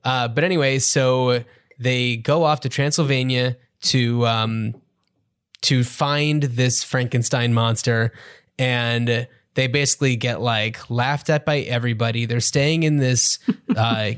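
A man's voice: medium pitch, fairly even intonation, a little slow, clear, resonant tone, dry recording, studio quality. A man in his thirties co-hosting a podcast, chatting casually and summarizing a movie with frequent fillers. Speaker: podcast co-host. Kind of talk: casual chat.

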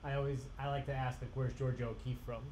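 A man's voice: medium pitch, little pitch movement, fast talker, darkish tone, slight background noise. A man hosting a live online trivia game, chatty and upbeat, reading each question twice with emphasis. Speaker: trivia host.

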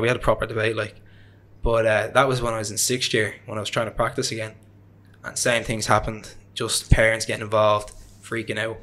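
A young Irish man, a guest on an interview, tells his story in a rambling, chatty way, full of fillers and self-deprecating laughs. His voice is fairly low and fairly bright, with a flat delivery and a slightly fast pace. It's casual conversational storytelling.

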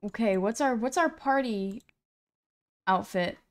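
A woman live-streams her gameplay, talking to viewers in a loose, rambling way and joking at her own expense. Her voice sits a little high and comes across smooth and clean. She speaks into a computer streaming mic. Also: expressive, a little slow. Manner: chatty, rambling, self-deprecating. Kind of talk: casual gaming live-stream chat.

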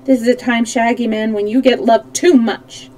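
A woman's voice: a little high, fairly even intonation, moderate pace, darkish tone, dry recording, natural voice, rough recording. A woman doing an eager little girl. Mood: anxious. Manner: eager and wondering. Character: young girl, brave and curious.

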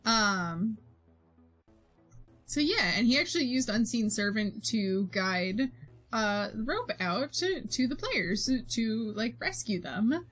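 A young woman with a fairly high voice chats slowly and casually on a live stream, recapping her tabletop session in a rambling, filler-filled way. Soft music plays faintly behind her. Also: animated. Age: young adult. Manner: rambling, filler-heavy recap with frequent laughs. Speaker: streamer and game master. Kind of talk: casual chat while drawing on stream.

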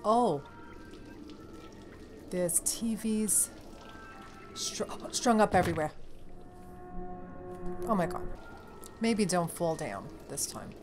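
A woman giving casual commentary on a horror game she is playing at home, excitable and talking straight to her viewers with plenty of swearing. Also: on the low side, slow, pauses often. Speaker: let's play gamer. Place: home room. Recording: game music behind voice.

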